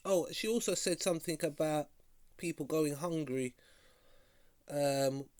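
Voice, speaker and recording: A man hosting a video reaction, talking critically in a halting way and often repeating words. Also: on the high side, a little mellow, no room sound. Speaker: vlog host reacting to a clip. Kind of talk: casual reaction commentary.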